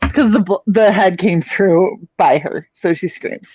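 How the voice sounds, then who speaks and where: A man's voice: high-pitched, measured pace, a little mellow, breathy edge, no echo. A man chats loosely while he draws, grumbling about the work with a dry, close sound. His voice comes through a slightly dull, lo-fi stream feed. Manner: chatty, complains while working. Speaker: comic artist host. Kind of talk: casual chat while drawing.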